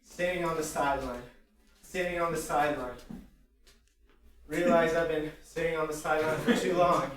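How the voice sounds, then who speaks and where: A woman performing comedic improv, describing her own scene moves in a deadpan way. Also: low-pitched, moderate pace, pauses often. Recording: echoey room from far off.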